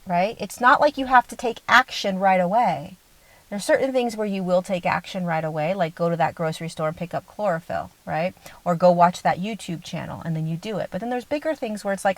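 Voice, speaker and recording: A woman's voice: medium pitch, a little fast, no echo, poor audio. A woman giving a spiritual talk as a teacher, earnest and often checking in with the listener.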